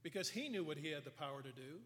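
A man preaching a sermon, earnestly retelling scripture and dropping his voice soft for emphasis. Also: a little high, animated, quick pace. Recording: long hall reverb.

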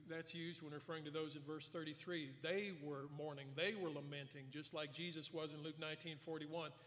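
A sermon rings through a sanctuary's long hall reverb, given by an earnest man with a slightly high voice. He recounts scripture, voicing the quotes, and drops his volume low to stress points.

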